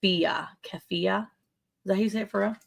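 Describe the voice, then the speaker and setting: A woman's voice: mid-range voice, flat delivery, racing, gravelly. A middle-aged woman co-hosting a casual livestream chat, talking in a chatty, rambling way and laughing often. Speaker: livestream co-host.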